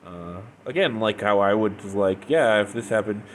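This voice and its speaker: Man, casual reviewer, low voice, rambling retelling, lots of "like", faint hiss behind. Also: normal speed. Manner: rambling retelling full of "like" and restarts. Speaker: fanfiction reviewer.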